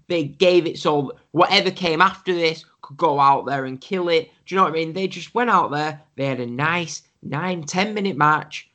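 Opinionated guy on a podcast, fairly high voice, blunt, keeps saying do you know what i mean. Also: pushed and bright. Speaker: podcast co-host. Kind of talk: casual chat.

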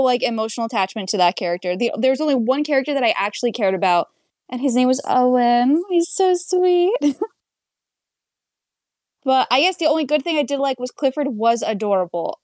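A woman's voice: on the high side, quick pace, no echo, studio quality. A young woman co-hosting a casual movie review podcast, blunt and sarcastic in her criticism. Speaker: podcast co-host.

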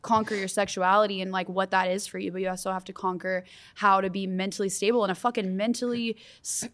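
A young woman hosts a relaxed round-table podcast chat. She talks candidly and earnestly, leaning on fillers as she thinks aloud, at a medium pitch. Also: fast talker. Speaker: podcast host.

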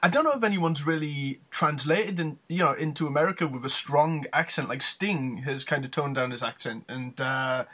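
A man with a softened Newcastle accent hosts a relaxed interview, feeling his way through questions with plenty of fillers. His voice sits a touch higher than most men's. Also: moderate pace, hardly any pauses. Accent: toned-down Newcastle. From northeast England. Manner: hesitant, chatty, full of ums and fillers. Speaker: podcast host. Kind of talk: casual interview chat.

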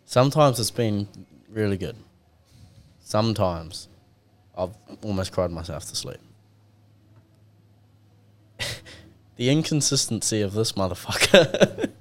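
Laid-back, sweary Kiwi podcast host. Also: male voice, fairly low pitch, lively intonation, slow pace, pauses often. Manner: laid-back, swears a lot, tells stories with acted-out dialogue. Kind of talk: casual podcast chat.

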